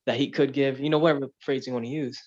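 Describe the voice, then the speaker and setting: A man's voice: mid-range voice, steady tone, quick pace, a little mellow, dull audio. Chatty man telling a fable. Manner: loose, chatty, lots of "like" and "you know". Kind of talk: casual chat, storytelling.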